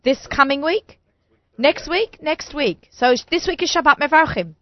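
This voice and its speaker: A woman's voice: high voice, lively intonation, moderate pace, no echo. A chatty woman in her forties hosts a talk show in a slightly raised voice, bubbling over with enthusiasm and laughing often. The sound is dry and a bit dull. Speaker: radio show host. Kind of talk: casual chat.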